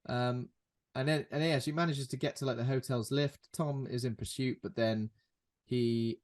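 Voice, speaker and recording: A man, co-hosting a podcast and recapping a horror film in a relaxed, hesitant way. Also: mid-range voice, moderate pace. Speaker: podcast co-host. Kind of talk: casual film recap chat.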